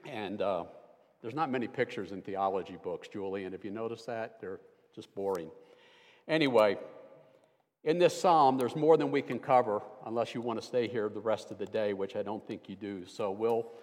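A man's voice: on the low side, normal speed. Older man preaching in a reverberant church. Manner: dry self-deprecating humor, conversational. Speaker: guest preacher. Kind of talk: sermon. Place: church sanctuary. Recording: long hall reverb.

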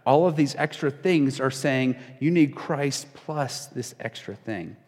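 A man's voice: mid-range voice, unhurried, darkish tone, big-room sound. A young adult man preaching a sermon, talking conversationally, with fillers and restarts, and acting out voices of the people he quotes. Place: church.

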